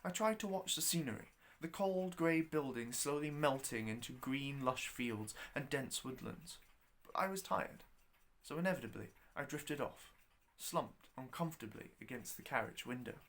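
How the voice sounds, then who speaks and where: A man reading his own novella aloud as narrator, with an expressive, wry delivery. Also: mid-range voice, moderate pace, hardly any pauses. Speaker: storyteller.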